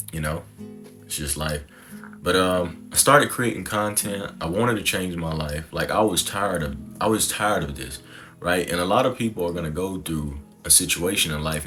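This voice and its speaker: Deep-voiced young man telling his story. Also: a bit bright. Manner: reflective, conversational, slangy. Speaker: content creator. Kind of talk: personal storytelling monologue.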